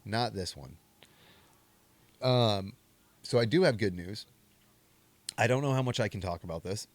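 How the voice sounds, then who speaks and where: A man's voice: on the low side, expressive, measured pace, long pauses, no room sound. A young man hosting a comedy movie podcast, rambling and joking in a self-mocking way. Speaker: podcast host. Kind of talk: casual movie commentary.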